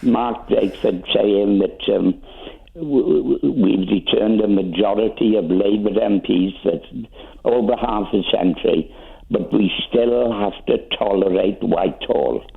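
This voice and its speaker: Gravelly man on a phone line. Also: fairly low pitch. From Wales. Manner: slow, opinionated, with many ums. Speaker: caller. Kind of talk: phone-in chat. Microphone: telephone.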